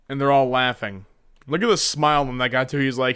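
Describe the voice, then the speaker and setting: A man hosting a casual comedic meme commentary, jumping into squeaky silly voices. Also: fairly quick, a bit bright, clean tone, soft background music. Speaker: meme reaction host.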